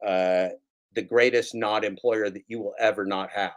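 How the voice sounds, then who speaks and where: A man's voice: on the low side, steady tone, moderate pace. A man hosting a casual livestream, ranting sarcastically with plenty of swearing and repeating his own lines for effect. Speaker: livestream host.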